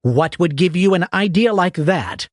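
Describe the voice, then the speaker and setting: A man plays a self-important professor who sneers and blusters, his voice pushed higher and drawn out slowly in outrage. The sound is dry and close, a little husky. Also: sing-song, no room sound, full character voice. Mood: indignant. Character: pompous, easily enraged middle-aged professor.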